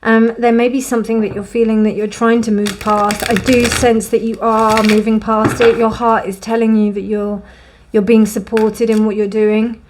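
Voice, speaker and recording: A young woman gives a casual, gently emotional tarot card reading in a warm, reassuring way. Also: a little high, level tone, normal speed, noisy background. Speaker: tarot reader.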